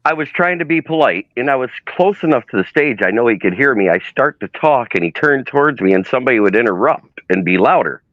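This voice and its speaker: A man chatting on a livestream as a sports media intern, telling lively stories and acting out the quotes. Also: medium pitch, fast, few pauses, no echo, muffled recording. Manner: animated storyteller, acts out quotes. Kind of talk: casual livestream storytelling.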